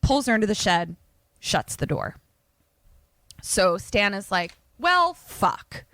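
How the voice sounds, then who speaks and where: A woman podcast co-host casually retelling a horror film plot, animated and swearing freely. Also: medium pitch, unhurried, no echo. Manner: animated, swearing, lots of fillers.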